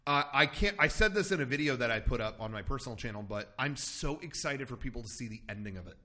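Male podcast host, animated storyteller who swears freely, bright voice. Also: mid-range voice, fast. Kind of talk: casual chat.

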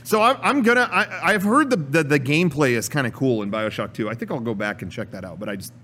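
A man co-hosting a casual podcast chat about video games, animated and prone to acting out gameplay. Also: medium pitch, fast talker. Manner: animated, acts out gameplay with loud exclamations. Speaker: podcast co-host.

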